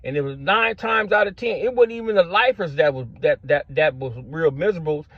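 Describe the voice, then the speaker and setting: Middle-aged guy, kinda high voice, street slang, says bro and man a lot, muffled dry recording. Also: expressive, brisk. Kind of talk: casual storytelling to camera. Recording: dull lo-fi sound, dry.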